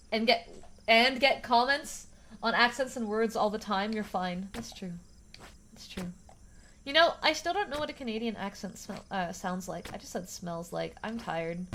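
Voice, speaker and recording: A young woman streams a game and chats casually, rambling in a self-deprecating way and laughing often. Her voice is fairly high and a bit bright. A little hiss or hum runs under the recording.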